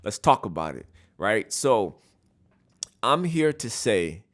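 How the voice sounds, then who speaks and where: A man's voice: on the low side, sing-song, takes it slowly, a bit bright. A man hosting a casual solo podcast, talking through his opinions and often checking in with "right?". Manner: opinionated, repeats "right?" often, frequent restarts. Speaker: podcast host.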